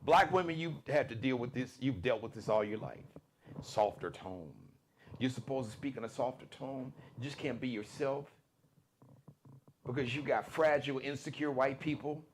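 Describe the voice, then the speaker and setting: A man's voice: normal speed, a little hiss or hum. Emphatic male political commentator. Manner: emphatic, repetitive, swings between loud bursts and low asides. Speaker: host of a live political commentary show. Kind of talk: unscripted political commentary monologue.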